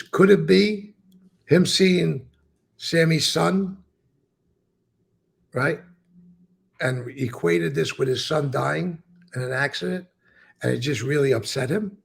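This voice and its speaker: A man's voice: fairly high pitch, slow, pauses often. A man telling stories about his past in a casual interview, acting out what others said and swearing often. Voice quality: gravelly, husky voice. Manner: acts out quoted dialogue, repeats words, swears. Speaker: former mobster telling stories.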